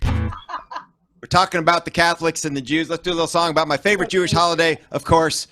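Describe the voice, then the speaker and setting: A man's voice: fairly high pitch, steady tone, fast. A man performing comic songs on guitar, wry and self-deprecating. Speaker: comedy musician.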